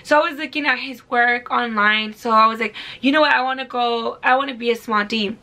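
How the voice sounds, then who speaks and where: Bright gravelly young woman vlogging. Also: on the high side, steady tone, a little fast. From California. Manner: chatty, filler-heavy, swears freely. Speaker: beauty vlogger. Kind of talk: casual storytelling to camera.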